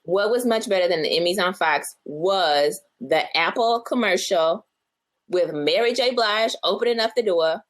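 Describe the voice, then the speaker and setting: A woman's voice: mid-range voice, moderate pace. A woman co-hosting a casual podcast chat, telling stories and acting out her own thoughts in quotes. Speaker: podcast co-host.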